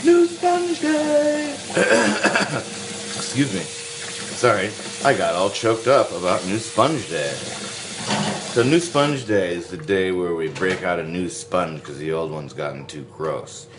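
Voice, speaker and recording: With lively intonation and an unhurried pace, this podcast host's low voice comes through over background noise. The talk is a goofy, joking, casual comedic chat with sing-song moments.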